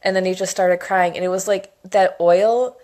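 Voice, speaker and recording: Woman, 30s, chatty and excitable, casual monologue, rambling stories. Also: medium pitch, moderate pace. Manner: chatty and enthusiastic, rambling storytelling. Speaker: essential oils educator.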